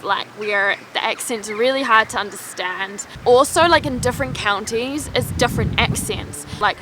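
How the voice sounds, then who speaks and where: A woman's voice: fairly high pitch, pushed and bright, slight background noise. A young woman from New Zealand chatting casually to camera as a vlogger, filling nearly every phrase with "like". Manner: chatty, fills with "like" constantly. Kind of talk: casual vlog chat.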